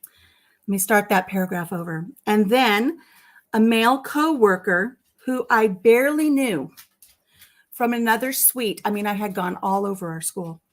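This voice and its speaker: A woman hosting a live stream in casual chat. She reads out viewer comments, answers them, and tells a story with soft asides. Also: mid-range voice, measured pace.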